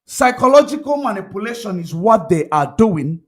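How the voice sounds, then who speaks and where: A man with a fairly high voice delivers a fervent commentary monologue. He talks emphatically and repeats his points, pressing the listener with rhetorical questions. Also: very animated, normal speed, breathy edge. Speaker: commentary vlogger.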